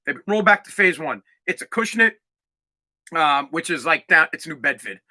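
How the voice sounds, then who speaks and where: A man from Massachusetts, hosting a solo podcast and ranting loudly with lots of swearing and restarts. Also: fairly high pitch, animated, normal speed. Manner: loud, swearing, repetitive restarts. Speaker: podcast host. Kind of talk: profane solo podcast rant.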